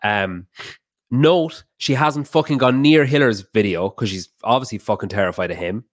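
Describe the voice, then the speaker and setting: Man, podcast guest, lowish voice, heated rant, lots of swearing, casual chat. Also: no echo, studio quality. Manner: heated, fast storytelling with frequent swearing.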